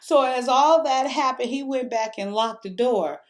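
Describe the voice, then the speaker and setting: A woman with a high, bright voice tells a rambling story straight to camera in a casual vlog. She talks in an animated way and laughs between lines. She is drinking while she talks. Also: a little slow. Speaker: vlogger.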